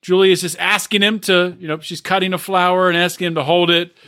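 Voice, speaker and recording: A man's voice: sits high, flat delivery, a little fast, pushed and bright. A man co-hosting a podcast in casual chat, recapping scenes and mimicking cast members. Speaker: podcast co-host.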